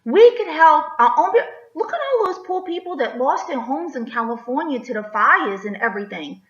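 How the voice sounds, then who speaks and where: A woman political vlogger rants emphatically, firing off rhetorical questions and capping lines with "okay?". Her high, slightly bright voice swings widely in pitch at a normal pace, and the recording is echoey and a bit dull.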